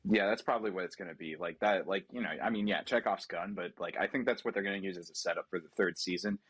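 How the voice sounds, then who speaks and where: A man's voice: low-pitched, quick pace, fairly bright tone, husky, faint music behind. A man in casual podcast chat, talking loosely with hedges and the odd swear. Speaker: podcast co-host.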